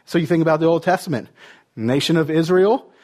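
A man's voice: a little high, a little fast, a little mellow. A man preaching a sermon in a conversational way, full of rhetorical questions and "like" and "you know" fillers. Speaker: pastor.

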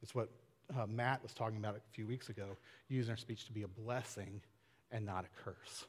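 A man's voice: lowish voice, fairly even intonation, fairly quick. A man preaching a casual, conversational sermon, asking rhetorical questions with small laughs. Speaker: pastor. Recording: long hall reverb.

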